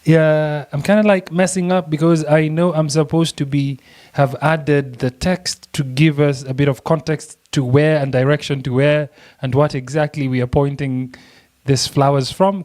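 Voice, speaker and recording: A man teaching a design software lesson, chatty and excitable, laughing often as he works. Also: a little high, normal speed. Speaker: design tutor. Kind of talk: screen-recorded software tutorial.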